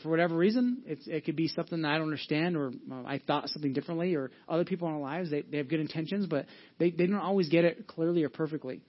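Fast-talking male pastor, lo-fi audio. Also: fairly high pitch. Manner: energetic, conversational, frequent restarts. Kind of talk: sermon. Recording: dull lo-fi sermon audio.

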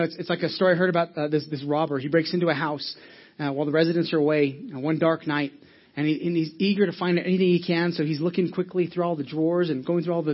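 A man's voice: fairly high pitch, husky, highs cut off. A male pastor preaching a sermon in a conversational way, telling stories with lots of restarts. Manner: conversational, animated storytelling with frequent restarts.

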